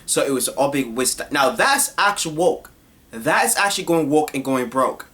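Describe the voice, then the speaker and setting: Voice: medium pitch, lively intonation, normal speed, fairly bright tone. An online commentator delivering a heated opinion rant, blunt and scolding, full of casual slang and exasperation.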